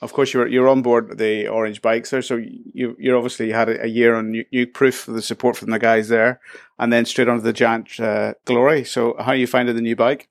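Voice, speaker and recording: A man's voice: mid-range voice, level tone, fairly quick, vocal fry, no echo, studio quality. A man hosting a podcast, chatting casually and asking friendly questions, laughing easily along the way. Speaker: podcast host.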